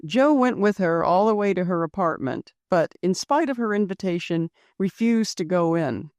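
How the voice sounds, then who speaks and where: A woman narrating a classic girls' story as an audiobook reader, with expressive storytelling. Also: lowish voice, moderate pace, few pauses, dry recording, clean studio sound. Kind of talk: scripted narration.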